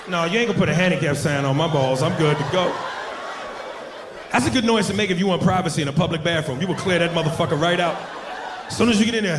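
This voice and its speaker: A man performing a loud, brash stand-up comedy set on a club stage, breaking into shouted sound effects. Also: sits high, racing, crowd noise. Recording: roomy live club sound with audience noise.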